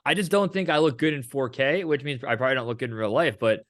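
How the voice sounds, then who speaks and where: A man's voice: mid-range voice, fast talker, no echo. Young man telling a story, dry sound. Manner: animated storyteller, acts out quoted exchanges; casual, swears freely. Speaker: co-host. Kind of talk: casual chat.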